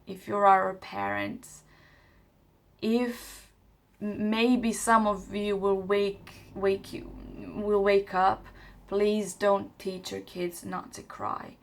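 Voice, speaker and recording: A woman's voice: mid-range voice, creaky. A young woman speaks straight to her viewers from home, earnest and encouraging as she shares personal advice. She talks loosely and candidly, often restarting a phrase as she searches for the right words. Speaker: vlogger. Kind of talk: heartfelt personal advice vlog.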